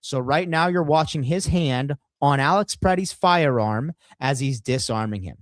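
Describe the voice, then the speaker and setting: A man's voice: medium pitch, a little slow, no echo. A man co-hosting a podcast, brash and profane, walking viewers through a video. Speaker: podcast co-host. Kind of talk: casual podcast discussion.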